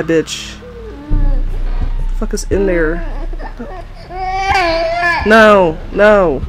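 A jumpy woman gamer narrates a horror game in let's play commentary, swearing nonstop and shrieking when startled. Her voice sits at a middling pitch and comes through her own desk mic. Faint music plays underneath. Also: rough recording. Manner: panicky, swears constantly, yelps and shouts in fright. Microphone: own desk mic, moved back to avoid clipping.

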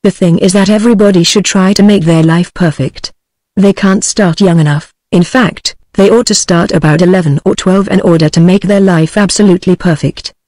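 Earnest preachy teen boy, read flat by a british lady tts voice, dry sound. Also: on the low side, fairly quick, no echo, natural voice. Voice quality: even, mechanical text-to-speech delivery. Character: earnest preachy sixteen-year-old boy.

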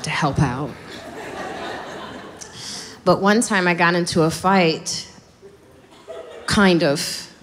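Animated woman doing stand-up comedy. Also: lowish voice, takes it slowly, long pauses, background noise. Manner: animated, acts out dialogue with voice jumps.

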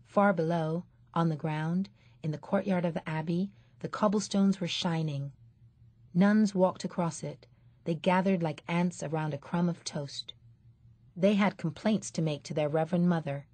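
Woman, audiobook narrator, low voice, dry, measured storytelling. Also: fairly even intonation, a little mellow, no echo. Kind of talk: scripted narration.

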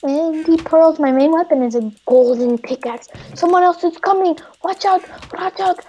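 A woman chatting while gaming, playfully putting on an accent with broken English and drawn-out teasing lines. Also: extremely high pitch, warm tone, a little hiss or hum, low-quality recording. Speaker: gamer. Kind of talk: casual gaming chat.

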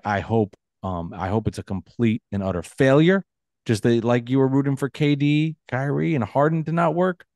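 A man co-hosting a sports podcast, speaking in halting bursts with repeated restarts and a wry edge. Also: medium pitch, darkish tone, no echo. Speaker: podcast co-host, Nets fan. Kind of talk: casual sports chat.

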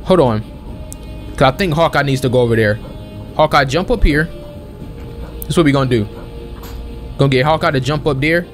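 A man's voice: mid-range voice, moderate pace, pauses often, faint music behind. Chatty young man commenting on gameplay. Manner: chatty, questions the game aloud, calls everyone bro. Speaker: gaming channel host. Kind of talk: casual let's-play commentary.

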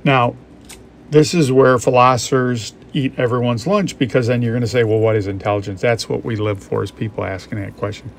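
Gaming YouTuber, male, mid pitch, gravelly, rambling and reflective, faint hiss under the voice. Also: steady tone, brisk. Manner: rambling, reflective, thinks aloud. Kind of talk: casual musing commentary over gameplay.

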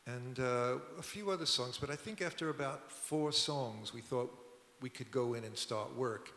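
An older man tells rambling stories at a public talk, his gravelly voice edged with brightness. He restarts his sentences as he goes. It rings through a big hall with a long tail. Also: medium pitch, moderate pace. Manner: rambling, conversational, frequent restarts. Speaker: record producer and musician, guest. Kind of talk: anecdotal storytelling at a public talk. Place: museum auditorium. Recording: echoey hall.

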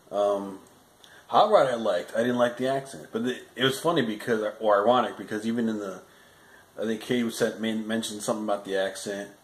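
Man, fairly low voice, rambling casual movie review, echoey room. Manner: rambling, restarts a lot, frustrated asides.

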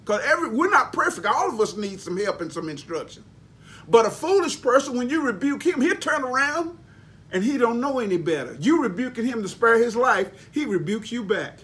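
A male pastor delivers an emphatic, folksy sermon. His voice sits high for a man, and he leans into words to drive each point home. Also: sing-song, fairly quick, a bit bright. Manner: emphatic preaching with spelled-out words and folksy asides.

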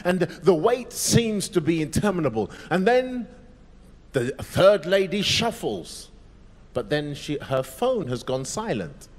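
A male pastor telling a story in a sermon, dramatic and vivid, dropping to a hush at moments. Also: on the high side. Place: large church. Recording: echoey church hall.

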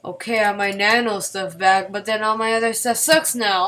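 A woman giving casual gameplay commentary at her home computer at night, excitable, yelping and repeating words when she panics. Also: medium pitch, normal speed, few pauses.

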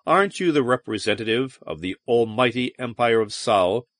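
A man's voice: medium pitch, lively intonation, normal speed, a bit bright, dry recording, studio quality, natural voice. A man voicing a jaded, sardonic male spacer who talks in a mocking, sullen way in an audiobook. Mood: brooding. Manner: mocking, sullen, then brooding and dramatic. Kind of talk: audiobook character reading.

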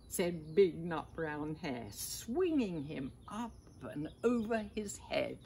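Older woman, storybook reader for kids, gentle, unhurried, sing-song pitch. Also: sing-song, gravelly, a little hiss or hum. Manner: gentle, asks listeners little questions. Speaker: storyteller grandmother. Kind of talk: reading a picture book aloud to children.

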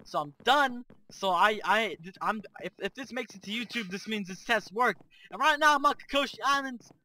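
Male gaming host, high and sharp-toned, cocky and excitable trash-talk over gameplay, cheap mic. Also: moderate pace, slight background noise. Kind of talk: Minecraft gameplay commentary. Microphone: cheap microphone.

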